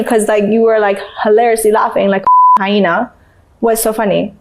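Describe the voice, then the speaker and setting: A young woman from Canada, an interview guest, telling an emotional story with animated acted-out voices and laughter. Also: mid-range voice, normal speed, a little hiss or hum.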